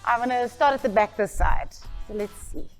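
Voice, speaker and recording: A woman's voice: a little high, moderate pace, faint music behind. A woman co-presenting a car feature in a bubbly, chatty and jokey way; she does radio traffic reports. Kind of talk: casual promotional chat.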